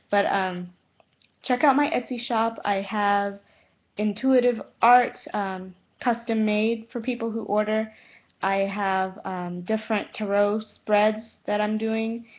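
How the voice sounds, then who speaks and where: A woman talking to her viewers in a slow, unhurried way, stopping often to search for words and correct herself. Her pitch sits in an ordinary middle range. The sound is dull and lo-fi, like a home video. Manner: halting, many fillers and self-corrections. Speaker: spiritual vlogger. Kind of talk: casual talk to camera.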